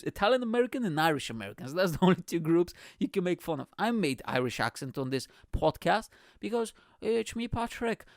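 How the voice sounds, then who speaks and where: A man's voice: high-pitched, no room sound, studio quality. Rambling, profane man. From Bulgaria. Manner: rambling, heavy swearing, loses his train of thought. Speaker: podcast host and open-mic comedian. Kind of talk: casual rambling podcast monologue.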